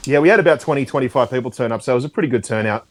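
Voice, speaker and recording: A man's voice: mid-range voice, very fast. A man with an Australian accent calling in to a fan phone-in show, chatting in a teasing, upbeat way. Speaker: caller. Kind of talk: casual phone-in chat.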